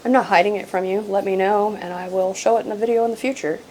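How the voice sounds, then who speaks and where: A woman's voice: mid-range voice, steady tone, quick pace, slight background noise, poor audio. Chatty woman rambling about houseplants. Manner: rambling and chatty, frequent "um"s and soft laughs. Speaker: houseplant channel host. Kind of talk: casual show-and-tell chat. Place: at home among houseplants, indoors. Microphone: camera she sometimes walks away from.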